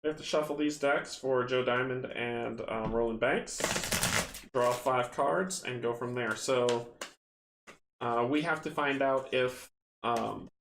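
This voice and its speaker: A man's voice: mid-range voice, gravelly, fairly bright tone. A man hosting a card game stream, reading rules aloud and chatting with viewers in a casual, self-mocking way. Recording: roomy echo with faint background noise.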